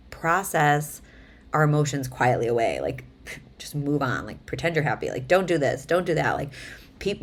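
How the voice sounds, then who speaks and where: Her voice sits low as this vlogger, a mother in her thirties, talks casually to camera. Chatty and animated, she acts out the quotes in her stories.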